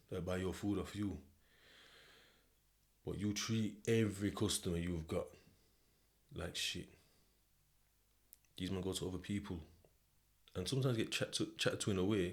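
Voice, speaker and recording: A British man hosting a podcast, telling a story in the second person in a casual, slang-heavy way. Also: low voice. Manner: slang-heavy, conversational, repeats "do you know what I mean". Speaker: podcast host.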